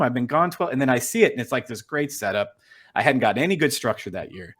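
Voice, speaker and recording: Fast and expressive, his mid-range voice a bit bright, the middle-aged storm chaser and photographer talks as a casual podcast guest. His stories wander with many fillers and restarts, and he is sincere and open about his emotions.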